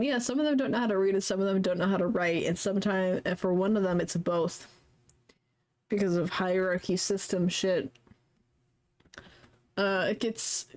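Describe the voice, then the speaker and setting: A woman's voice: medium pitch, darkish tone. A young woman streaming a story game live, chatting casually, giggling, swearing freely and reading the story text aloud.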